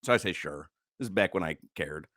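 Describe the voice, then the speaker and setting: A man's voice: low-pitched, expressive, rapid-fire, sharp tone, no echo. A man co-hosting a sports radio show, telling rambling stories in casual banter with many fillers, close on a studio microphone. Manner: rambling storyteller, thinks aloud with fillers.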